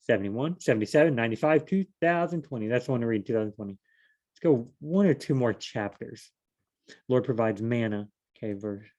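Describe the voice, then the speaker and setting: A man's voice: medium pitch, expressive, a little mellow. A man studying scripture aloud on his own, talking casually, musing and briefly acting out scenes as he reads. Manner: informal, muses aloud, acts out scenes in quick voices. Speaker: solo Bible study host.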